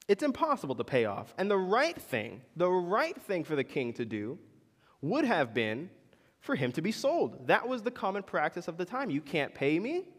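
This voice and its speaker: Male pastor, fairly high voice with a swinging pitch, chatty sermon in a big reverberant hall. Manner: conversational preaching with questions to the congregation. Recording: long reverb in a large hall.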